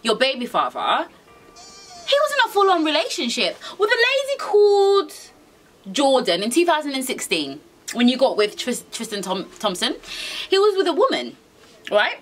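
A woman's voice: high voice, wildly swooping pitch, normal speed, faint music behind. A young woman ranting casually to camera, sassy and slangy. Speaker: vlogger.

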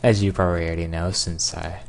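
A man giving casual gameplay commentary, excitable, yelping and cursing at what happens on screen. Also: deep voice, fast talker, gravelly, a little hiss or hum. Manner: excitable, yelps and curses at the game. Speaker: gamer.

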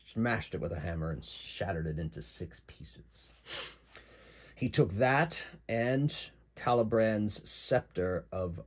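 A composed, bespectacled patron woman, played by a man tells her tale in a soft, measured way. The voice sits low and a little husky, and it stays quiet and unhurried throughout. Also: exaggerated voice.

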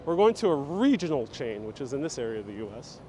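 A man's voice: medium pitch, sing-song, fast talker, a little mellow, a little hiss or hum. A man hosting a live walking tour, joking as he reads out viewer comments while he walks through a city station. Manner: jokey, chatty, reacting to viewer comments. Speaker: host. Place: outdoors and in a busy city station. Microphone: handheld phone on gimbal.

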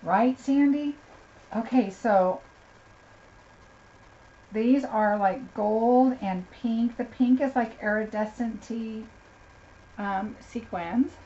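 A craft demonstrator hosts a chatty live unboxing, gushing over every craft item and greeting viewers by name. Her voice is mellow and a little high, and she speaks slowly with long pauses. The lo-fi recording sounds slightly dull, with faint noise.

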